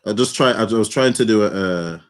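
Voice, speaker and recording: A man's voice: fairly low pitch, a little fast. A man co-hosting a football podcast. He talks in casual slang, rambles and keeps asking "you get what I'm saying?". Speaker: podcast co-host.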